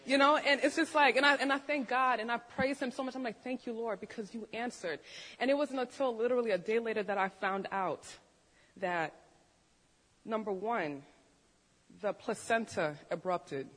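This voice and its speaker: A woman, a nurse, telling her story as a testimony to a church congregation, animated, acting out the voices of the people in it. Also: fairly high pitch, moderate pace. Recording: long hall reverb.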